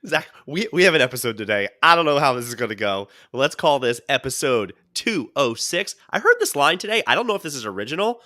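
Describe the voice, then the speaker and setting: A man co-hosting a casual podcast, telling stories in an animated way and slipping into quoted voices. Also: medium pitch, fast talker, few pauses, dry recording, clean studio sound. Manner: animated storyteller who jumps into quoted voices. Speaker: podcast co-host.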